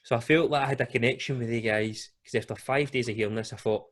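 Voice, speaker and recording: A man's voice: mid-range voice, fairly even intonation, fast. A man with a Glaswegian Scottish accent hosting a podcast. He tells a story in a chatty, colloquial way and laughs often. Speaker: podcast host. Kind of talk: casual podcast chat, storytelling.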